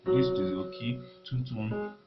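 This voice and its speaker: A man teaching a beginner piano lesson, talking in a halting way and repeating words as he demonstrates at the keyboard. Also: fairly low pitch. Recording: lo-fi recording with loud piano. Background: piano notes being played.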